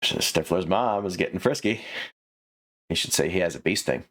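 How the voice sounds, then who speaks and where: A man's voice: low-pitched, lively intonation, moderate pace, fairly bright tone. A man giving a comedic critique of a manuscript, sarcastic, laughing often and stammering through restarts.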